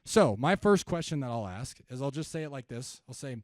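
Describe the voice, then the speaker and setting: A man's voice: medium pitch, animated, fairly quick, few pauses, no echo, studio quality. Conversational man coaching a live audience. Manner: conversational, asks the audience questions, acts out seller calls. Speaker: sales trainer speaking at an event. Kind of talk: live seminar talk.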